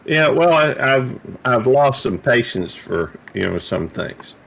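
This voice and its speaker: A man's voice: medium pitch, lively intonation, takes it slowly, creaky, a bit bright. A middle-aged man co-hosting a casual livestream chat, talking with many fillers and restarts. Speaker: livestream co-host.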